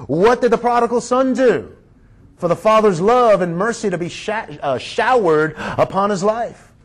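High pitched preacher guy, sermon mode, keeps asking the crowd to say it with him. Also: lively intonation, moderate pace. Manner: emphatic call-and-response preaching. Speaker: pastor.

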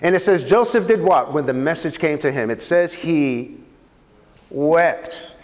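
High-voiced guy preaching, lots of repeating and asking the crowd, big echoey hall. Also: expressive, unhurried. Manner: preaching with questions to the congregation and repeated phrases. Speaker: pastor. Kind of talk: sermon.

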